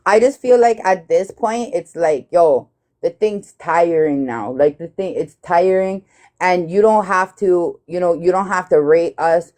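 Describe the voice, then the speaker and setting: A woman with a slightly low voice hosts a heated live chat. She talks bluntly, swears freely and retells conversations with animated quotes. She sounds like she is in her thirties. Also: measured pace. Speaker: live stream host.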